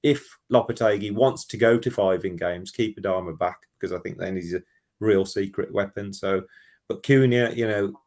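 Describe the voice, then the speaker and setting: A man calling in to a football phone-in, talking in an animated, rambling way and often restarting his sentences. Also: fairly low pitch, moderate pace. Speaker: caller. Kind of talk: casual football phone-in chat.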